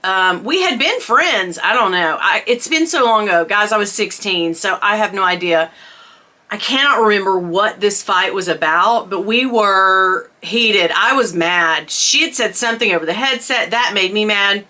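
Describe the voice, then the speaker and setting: A middle-aged woman vlogger telling a storytime, chatty and animated, laughing often. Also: mid-range voice, normal speed. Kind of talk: storytime chat.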